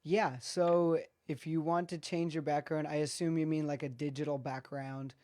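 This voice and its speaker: A guest speaker calmly explaining practical studio gear in a casual video call chat. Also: mid-range voice, moderate pace. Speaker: guest expert. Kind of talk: casual tech advice chat.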